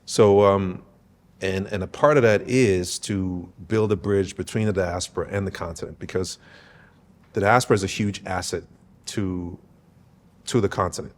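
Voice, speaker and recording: A man's voice: sits low, fairly even intonation, moderate pace. A man speaking as a podcast guest, earnest and emphatic, often checking in with "right?". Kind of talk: conversational interview.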